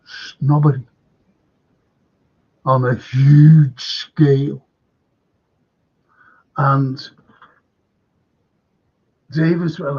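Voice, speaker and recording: Gravelly Scouse man telling a rambling story. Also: medium pitch, fairly even intonation, extremely slow, pauses often. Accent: Liverpool (Scouse). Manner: meandering, many restarts and asides, earnest. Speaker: current affairs livestream host. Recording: dull lo-fi livestream audio.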